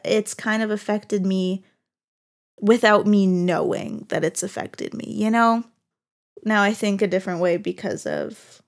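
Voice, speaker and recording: A young woman hosting a solo podcast, speaking candidly and haltingly with many fillers and restarts, at times tearful with her voice breaking. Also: mid-range voice, creaky. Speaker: podcast host.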